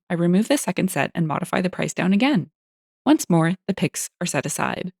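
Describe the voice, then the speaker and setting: A woman narrating a workplace story in a wry, deadpan storytelling manner. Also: low-pitched, fairly quick, no echo, studio quality.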